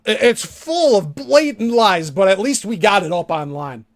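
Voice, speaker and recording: A man's voice: high-pitched, expressive, moderate pace. A man hosting a reaction commentary, talking in a sarcastic, blunt way and swearing freely. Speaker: host.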